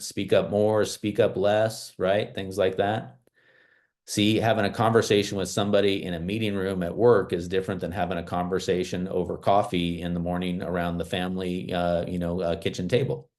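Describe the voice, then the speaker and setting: A man from small-town America giving an animated, emphatic motivational talk over a video call, with casual fillers. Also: low-pitched. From small-town United States.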